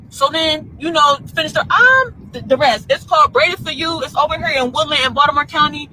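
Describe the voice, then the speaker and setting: A woman's voice: high-pitched, brisk, pushed and bright, low-quality recording. A woman ranting in a heated, profane, repetitive way about a bad salon visit, outdoors near traffic. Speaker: salon customer. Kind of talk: angry vlog rant.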